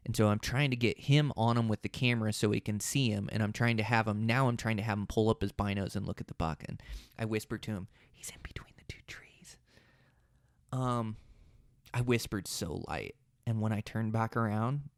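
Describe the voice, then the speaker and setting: Gravelly low-voiced man telling a story. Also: brisk, no room sound, studio quality. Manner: rambling and relaxed, restarts often. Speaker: podcast host. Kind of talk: solo podcast storytelling.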